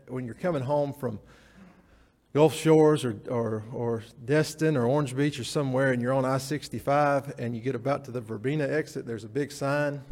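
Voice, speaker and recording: A male pastor delivers a casual, story-filled sermon, often stumbling over and restarting his words. His voice has a gravelly edge. The sound carries a long reverb from the church hall. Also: mid-range voice, darkish tone. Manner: folksy, storytelling with frequent restarts.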